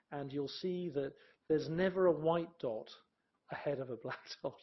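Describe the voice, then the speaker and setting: A man's voice: a little high, vocal fry, muffled recording. A man giving a presentation talk in a conversational way, with fillers and restarts.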